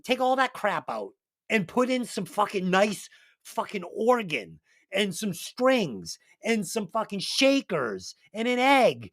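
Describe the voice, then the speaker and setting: A man's voice: sits high, huge pitch swings, slow, fairly bright tone, no room sound, studio quality. A man hosting a music podcast, telling stories in a profane, laughing, casual way. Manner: profane, laughing anecdote teller. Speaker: podcast host, album reviewer.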